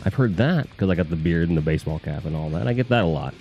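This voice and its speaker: Lively low-voiced man on a live stream. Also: quick pace, dull audio, faint music behind. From Northeast US. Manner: rambling, profane, jokey, with mock voices. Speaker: live stream host reading chat comments. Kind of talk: casual live stream chat.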